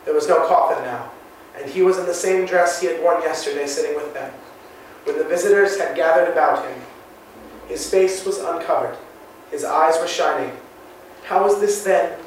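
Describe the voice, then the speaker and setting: A man's voice: fairly high pitch, normal speed. Solemn male reader in a very echoey room. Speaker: narrator. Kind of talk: audiobook reading of a classic novel. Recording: very echoey room, mic far off, faint hiss.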